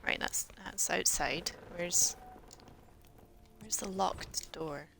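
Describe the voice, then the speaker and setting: A woman's voice: fairly low pitch, slow, creaky, sharp tone, slight background noise. A woman commentating casually on a video game as she plays, sarcastic and joking, with lots of swearing. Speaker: game streamer.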